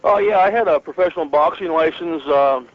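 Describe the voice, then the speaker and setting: A man's voice: on the high side, a little fast, highs cut off. A middle-aged man from northern Michigan, a retired wrestler telling stories as an interview guest, rambling with many fillers and restarts and chuckling often. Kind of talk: relaxed storytelling interview.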